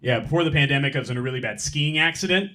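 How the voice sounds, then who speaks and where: A young man doing stand-up on a comedy club stage, talking into a handheld mic and delivering quick, deadpan punchlines. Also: a little high. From San Francisco. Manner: deadpan, quick punchlines, mock voices for bits.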